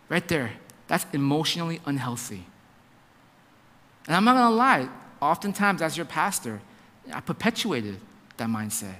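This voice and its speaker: A man's voice: fairly high pitch, big pitch swings, normal speed, pauses often, pushed and bright, long reverb tail. A man in his thirties, a pastor giving a sermon in a church, telling a family story with lots of quoted dialogue and stumbling restarts. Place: church sanctuary.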